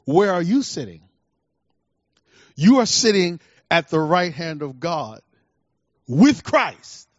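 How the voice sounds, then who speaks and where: A man preaching a sermon as a pastor, swinging between fervent declarations and hushed asides. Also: a little high, big pitch swings, takes it slowly, pauses often, no room sound, highs cut off.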